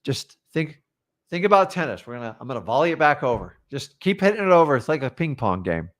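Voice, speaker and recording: A man's voice: a little high, big pitch swings, quick pace. A man coaching a class on real estate deals, talking in punchy, direct bursts and acting out sample lines with sellers. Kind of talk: live training talk.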